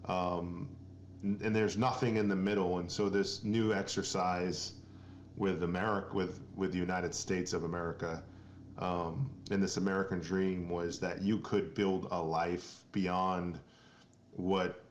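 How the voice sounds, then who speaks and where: Earnest, low-voiced man from Maine. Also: flat delivery, measured pace, reverberant, lo-fi sound, a little hiss or hum. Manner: earnest, rambling, many restarts. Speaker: guest, company founder. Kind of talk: casual podcast interview.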